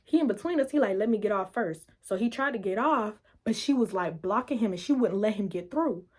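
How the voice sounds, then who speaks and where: A young adult woman vlogger telling a story in a casual, animated way, laughing often and acting out the quotes. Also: medium pitch, a little fast, husky.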